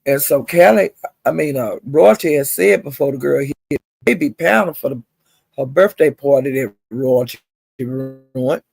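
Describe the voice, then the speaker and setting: Gravelly, husky man spilling gossip. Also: medium pitch, a little slow, no echo. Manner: chatty, calls listeners honey and child; animated retelling, mimics others' quotes. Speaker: vlogger. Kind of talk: gossipy storytelling.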